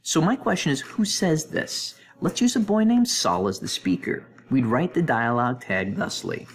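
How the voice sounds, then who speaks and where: Animated male teacher with a lively voice. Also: fairly high pitch, normal speed. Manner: animated, playful asides to students. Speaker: English teacher. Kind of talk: recorded grammar review lesson.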